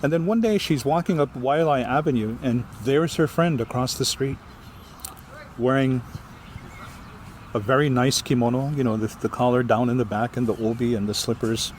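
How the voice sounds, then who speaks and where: Lively Hawaiian storyteller man. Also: mid-range voice, moderate pace, slight background noise. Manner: lively, animated, acts out the voices. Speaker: storyteller, guest. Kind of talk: oral storytelling in an interview.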